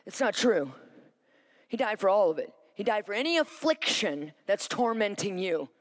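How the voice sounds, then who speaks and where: A woman preaches a sermon by telling her own story with lively energy. She acts out the thoughts she had along the way. She keeps calling to the listeners for an answer. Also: medium pitch, normal speed. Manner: asks the audience for responses. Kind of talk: sermon with personal testimony.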